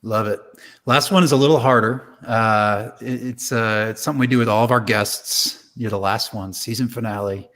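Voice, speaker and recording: A man's voice: on the low side, fairly even intonation, normal speed, a bit bright. A man hosting a podcast interview, asking a guest questions. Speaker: podcast host. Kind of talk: casual interview.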